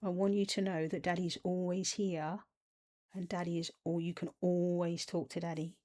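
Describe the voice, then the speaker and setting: A woman's voice: on the low side, little pitch movement, darkish tone, close to an everyday voice. Woman speaking as a tender parent figure. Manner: tender, soothing, slow reassurance. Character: gentle loving parent voice, calling itself Daddy.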